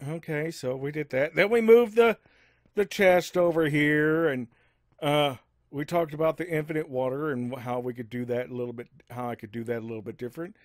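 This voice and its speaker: A man's voice: fairly even intonation, a little fast, no room sound, studio quality. Rambling male gameplay host. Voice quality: rambling, lots of fillers and asides. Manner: raises his voice above his natural low register. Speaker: game let's-play host. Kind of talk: casual gameplay commentary.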